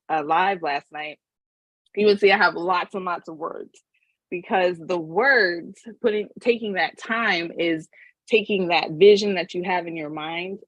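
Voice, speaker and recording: A woman's voice: lowish voice, no echo, dull audio. A woman giving a casual motivational webinar talk as a money mindset coach, telling her story earnestly and emotionally.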